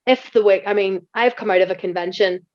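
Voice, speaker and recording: Northern Irish woman hosting, lo-fi sound. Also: mid-range voice. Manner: chatty, quick back-channel yeahs. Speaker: podcast host. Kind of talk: casual interview chat.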